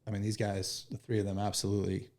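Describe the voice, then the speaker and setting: Gravelly-voiced joking firefighter. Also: male voice, fairly low pitch, quick pace. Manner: animated, joking, profane. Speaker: firefighter guest. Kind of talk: storytelling in a podcast interview.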